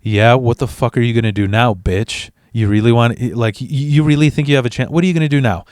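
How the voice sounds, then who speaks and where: A man's voice: mid-range voice, fairly even intonation, quick pace, darkish tone, clear, resonant tone, no echo, clean studio sound, natural voice. A man quoting a taunting teenage school bully in a sneering voice.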